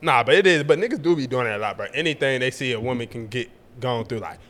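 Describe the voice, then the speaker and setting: A man's voice: medium pitch, animated, fast, hardly any pauses, a bit bright. A young man co-hosting a podcast, talking in a laid-back way that hedges and trails off. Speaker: podcast co-host. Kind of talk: casual chat.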